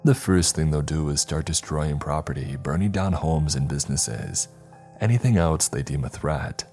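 Creaky, scornful villain, bossy and snappish; a man doing the voice. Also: a bass voice, expressive, moderate pace, darkish tone, faint music behind, heavily acted. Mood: ranting. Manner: snapping, contemptuous. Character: creaky-voiced ruthless male surveillance boss, villain.

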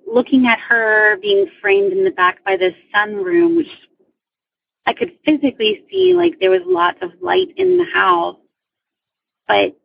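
Hesitant woman with a gravelly, husky voice. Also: fairly high pitch, dry recording. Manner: hesitant, many ums and restarts. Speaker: caller telling a ghost story. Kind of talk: personal storytelling, casual. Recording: dull lo-fi phone-line sound.

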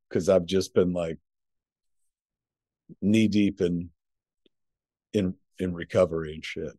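Low-voiced man telling a profane story. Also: a little mellow, dry recording, clean studio sound. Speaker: podcast co-host. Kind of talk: casual chat. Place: home.

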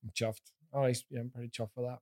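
A man's voice: mid-range voice, level tone, quick pace, a little mellow. A man from Northern Ireland with a Northern Irish accent, chatting casually as a guest and using local slang. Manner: easygoing, laughs readily, uses local slang. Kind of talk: casual chat.

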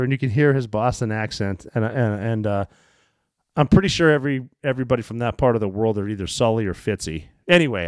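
A man's voice: mid-range voice, dry recording. Rambling, profane male storyteller. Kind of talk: casual storytelling.

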